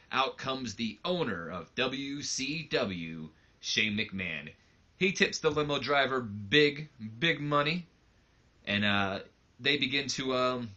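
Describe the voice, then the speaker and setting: A man's voice: mid-range voice, pushed and bright. A man giving casual let's play commentary on a wrestling game, rambling loosely with lots of fillers, on a slightly muffled mic.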